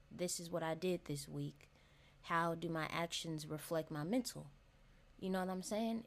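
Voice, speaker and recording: A woman's voice: on the low side, a little mellow. A young woman hosting a casual solo podcast, talking frankly and chattily straight to her listeners. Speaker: podcast host.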